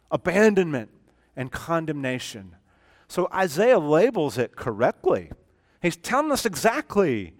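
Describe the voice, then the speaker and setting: A man preaching a sermon as a church pastor, emphatic and swinging from loud to hushed. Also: a little high. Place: church sanctuary.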